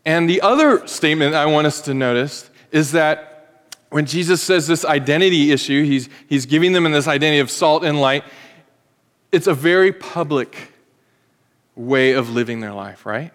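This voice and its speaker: A man in his forties delivers a sermon from a church sanctuary in a fairly high voice. He talks to the room conversationally, joking and animated. His words ring with a long reverb. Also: normal speed. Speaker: pastor.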